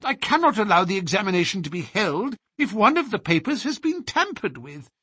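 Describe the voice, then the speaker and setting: A man's voice: high-pitched, very animated, normal speed, sharp tone, husky, dry recording, studio quality, voice pushed up, full character voice. A man voicing a fussy, agitated older college tutor who pleads and frets. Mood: dismayed. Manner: flustered, pleading.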